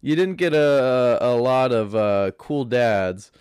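A man's voice: medium pitch, lively intonation, takes it slowly, a little mellow, clear, resonant tone, no echo, studio quality. A man from Florida hosting a solo podcast, laid back, rambling and crude in his chat. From Pensacola, Florida. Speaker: podcast host.

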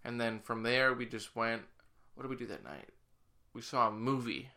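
A young man telling a rambling story in a casual chat, now and then shouting to imitate someone. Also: mid-range voice, lively intonation, moderate pace. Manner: rambling storyteller, loud bursts when imitating others.

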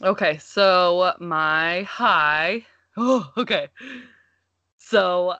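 A woman's voice: on the low side, very slow, smooth, dry recording, lo-fi sound. A woman co-hosting a casual chat, talking chattily with many "like"s. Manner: chatty, uses "like" a lot, warm reactions.

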